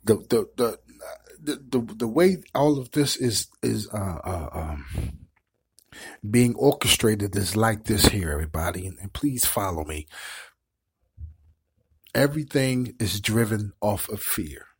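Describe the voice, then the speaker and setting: Hosting an online show, a middle-aged man delivers impassioned, preachy live-stream commentary, repeating words to build his points. His slightly rough voice sits on the low side, with lively intonation, a measured pace, and frequent pauses.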